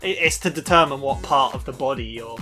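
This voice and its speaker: A man calls out a video game with his friends, cracking crude jokes and laughing often. His voice sits in an average pitch over game music. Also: a little fast. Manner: crude joking, laughing a lot. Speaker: game commentator. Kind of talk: let's play commentary.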